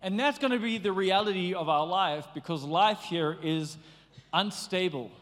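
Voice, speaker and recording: A man preaching a sermon in a lively, conversational way, slipping into playful acted asides. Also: high voice, normal speed, in a large hall. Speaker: pastor.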